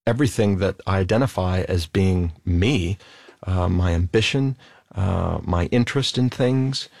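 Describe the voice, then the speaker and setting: A man giving a halting, thoughtful personal account as an interview guest. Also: low voice, creaky, darkish tone, dry recording, clean studio sound. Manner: halting, thoughtful, many fillers. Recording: guitar music underneath.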